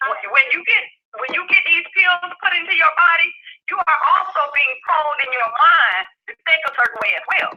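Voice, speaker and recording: Woman on a muffled phone line, sharp bright voice, stops and restarts a lot. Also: extremely high pitch, lively intonation, a little hiss or hum. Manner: halting, repeats words while thinking. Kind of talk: casual call-in chat. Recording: dull phone-line audio.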